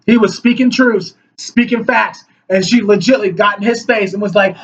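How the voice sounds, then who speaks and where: A man ranting angrily into the camera, preachy and mocking, his voice husky. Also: sits high, normal speed, dull audio, slight background noise. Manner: angry, preachy, mocking opponents in whiny voices. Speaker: political commentator.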